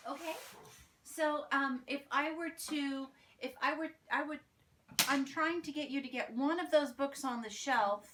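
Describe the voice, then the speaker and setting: Bright-voiced woman teaching grammar at home. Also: high-pitched, measured pace. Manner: patient, explains with examples and checks with "right?". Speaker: homeschool teacher. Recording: distant mic with faint noise.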